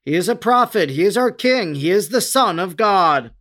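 Man playing condemned thief, earnest, clear and commanding, slightly raised pitch. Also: big pitch swings, slow pace. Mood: rebuking. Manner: earnest, pleading and rebuking. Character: repentant male thief on a cross. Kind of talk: dramatic reading.

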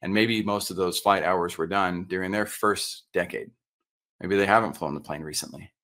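A man guest on a podcast, telling a business story in an animated way, acting out quoted dialogue with frequent fillers and restarts. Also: low-pitched, normal speed. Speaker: podcast guest, entrepreneur and consultant.

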